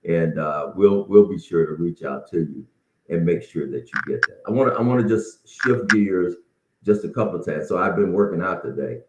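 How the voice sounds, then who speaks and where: Middle-aged guy with a super low voice doing his podcast, kinda winded, echoey room. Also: normal speed, very noisy. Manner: folksy and encouraging, with frequent restarts. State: slightly out of breath. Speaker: podcast host. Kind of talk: casual solo podcast talk. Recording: roomy, dull lo-fi sound.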